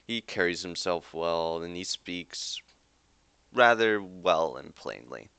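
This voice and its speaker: A man's voice: deep voice, animated, takes it slowly, creaky, bright, forceful tone, clear, resonant tone, no room sound. A young man running a tabletop game as game master, narrating loosely with lots of "like". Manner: rambling with frequent "like" fillers.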